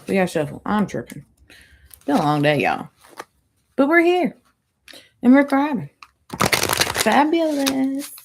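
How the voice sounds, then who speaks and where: A woman doing a chatty, rambling tarot reading, her voice going hoarse. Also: medium pitch, very noisy. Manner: chatty, rambling, self-interrupting. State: losing her voice. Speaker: tarot reader.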